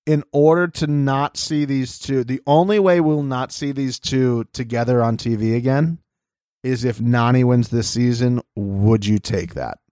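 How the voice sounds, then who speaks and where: A man co-hosting a casual recap podcast, playful and quick to mimic people. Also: mid-range voice, dark tone, dry recording, clean studio sound. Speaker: podcast co-host. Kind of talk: casual chat.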